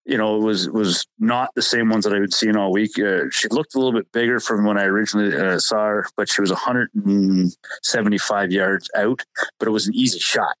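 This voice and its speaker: Male host, lower register, relaxed rambling storyteller who keeps correcting himself. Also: a little fast, no room sound, low-quality recording. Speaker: podcast host telling a hunting story. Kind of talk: casual storytelling chat.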